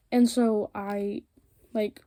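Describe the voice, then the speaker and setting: A woman's voice: fairly high pitch, mellow, no room sound. A teenage girl chatting casually about a friend drama while crafting, rambling with lots of ums and likes. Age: teens. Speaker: vlogger.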